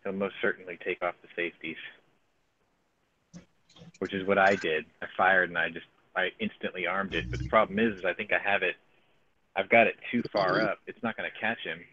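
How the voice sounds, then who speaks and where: A man's voice: deep voice, fairly even intonation, fairly quick, muffled recording, slight background noise. A man giving casual, profane live commentary on his own gameplay, thinking aloud as he plays. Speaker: gaming streamer.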